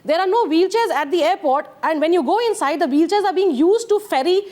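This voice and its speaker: A woman's voice: very high voice, expressive, fairly quick, a little mellow. Earnest, frustrated Indian woman. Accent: Indian English. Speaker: debate guest, parent. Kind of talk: televised debate testimony.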